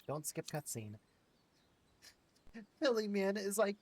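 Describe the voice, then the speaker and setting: Playful streamer man with a fairly high voice. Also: very animated, takes it slowly, pauses often. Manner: jokey, playful, mock-indignant asides. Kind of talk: casual gameplay commentary. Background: game music.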